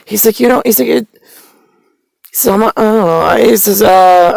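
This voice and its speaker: A woman's voice: mid-range voice, fairly even intonation, normal speed, creaky, darkish tone, no room sound, rough recording. A woman in a rambling personal monologue, recounting a conversation with hesitant restarts.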